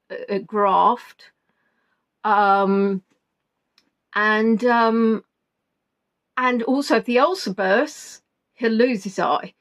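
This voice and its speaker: A woman vlogger telling a story casually and emotionally, rambling and flustered, quoting what others said. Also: mid-range voice. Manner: rambling, flustered retelling with quoted dialogue.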